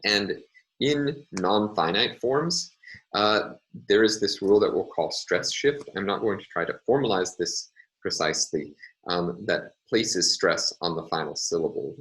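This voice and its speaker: A man lecturing on linguistics, explaining step by step with frequent fillers and pauses. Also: low-pitched, expressive, fairly bright tone, rough recording. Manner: hesitant, many fillers, deliberate explaining. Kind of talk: recorded lecture with worked examples.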